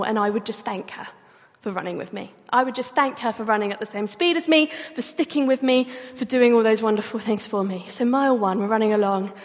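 A young woman giving a church talk with personal stories, earnest, chatty and self-deprecating. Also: on the high side. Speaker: youth speaker. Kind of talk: sermon talk with storytelling. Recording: reverberant hall.

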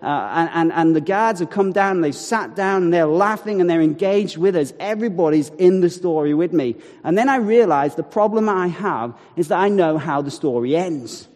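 A man with a somewhat high voice tells a personal faith story to an audience. He is animated and acts out quotes, with wry asides. His voice rings with the long reverb of a large hall. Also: normal speed, few pauses. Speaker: speaker telling a testimony. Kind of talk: storytelling talk.

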